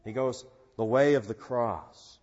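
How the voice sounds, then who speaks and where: A man preaching a sermon in an earnest, unhurried way, rising in force on key phrases. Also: mid-range voice, darkish tone. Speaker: pastor. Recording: dull sound with long church reverb.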